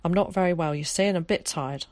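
A woman's voice: on the low side, quick pace, darkish tone, no echo, close to an everyday voice. A woman voicing a pale, ill working-class mother who speaks sternly, cold and clipped.

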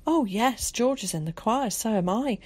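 A woman's voice: on the high side, expressive, moderate pace, a little mellow, pitched above the performer's own voice. A woman reading an audiobook, voicing a frightened young boy with a way of speaking, hesitant and faltering. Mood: pleading. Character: timid, frightened young boy, London evacuee.

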